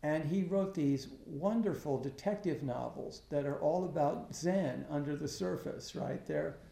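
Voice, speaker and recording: A middle-aged man, an academic who practices Zen, telling a reflective story in a halting way, with many restarts and fillers. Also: a little high, creaky, dark tone, reverberant.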